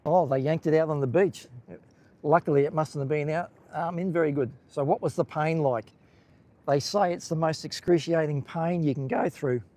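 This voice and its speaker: A chatty Australian man hosts a live stream while walking along a coastal beach, rambling and chatting with his viewers. His voice is fairly high-pitched and dark in tone, and he talks at a normal speed.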